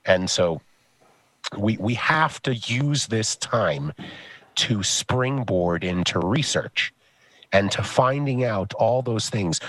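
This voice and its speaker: A man chatting on a podcast, with a storyteller's push in his voice and an easy, cursing manner. He sits at a middle pitch, and the sound is very dry and close, with no room around him. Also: no echo. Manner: animated storyteller, swears casually. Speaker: podcast co-host. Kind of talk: casual chat.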